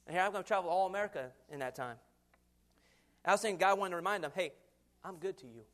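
A man in his twenties preaching a sermon in an animated way, acting out quoted voices and chuckling often. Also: sits high, quick pace. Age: 20s.

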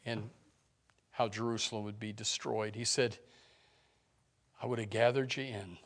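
A man preaching a sermon as pastor, swinging between loud declarations and hushed, low lines, asking his congregation rhetorical questions. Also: fairly even intonation, moderate pace.

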